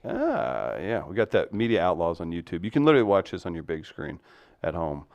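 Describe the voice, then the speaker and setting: A man hosts a loose live-stream chat, joking around and reading out listener comments. His voice sits low and comes across smooth and resonant. The sound is dry and close, with no room around it. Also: wildly swooping pitch, fairly quick, darkish tone, no echo, lo-fi sound. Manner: jokey, reads listener comments aloud. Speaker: podcast host.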